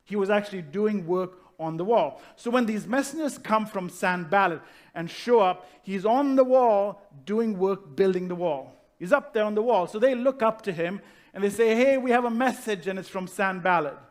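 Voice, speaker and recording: Pastor, male, higher-pitched voice, sermon delivery, slows down on key lines, asks the room questions. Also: expressive. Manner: rhetorical questions, slows down to stress key phrases.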